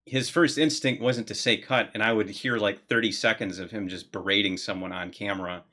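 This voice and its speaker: Male podcast host and director, lowish bright voice, thoughtful conversational delivery. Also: steady tone, a little fast. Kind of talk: casual podcast chat.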